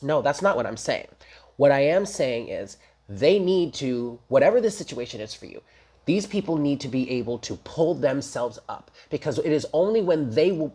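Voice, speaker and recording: A husky, slightly breathy voice sits at a middling pitch, belonging to a tarot reader giving a relaxed daily reading. The delivery is chatty and emphatic, blunt, with casual swearing, and it addresses viewers directly throughout. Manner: talks straight to viewers.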